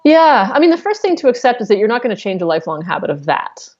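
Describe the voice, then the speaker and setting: A woman's voice: a little high, big pitch swings, fast, a little mellow. Candid woman coach, muffled audio. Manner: candid, explanatory, swears casually. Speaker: guest coach. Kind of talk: casual podcast interview.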